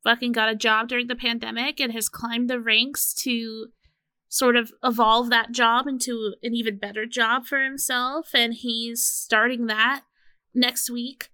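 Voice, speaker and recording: A woman in her late twenties co-hosts a podcast in casual chat. Her voice is bright and crisp, a little high, and recorded dry. She rambles and restarts her thoughts as she talks. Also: level tone, measured pace, no room sound. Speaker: podcast co-host.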